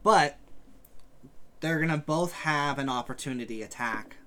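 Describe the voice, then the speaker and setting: Bright-voiced swearing game master. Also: male voice, a little high, measured pace. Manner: laid-back, swears often, hesitant ums. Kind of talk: narrating a tabletop game, casual.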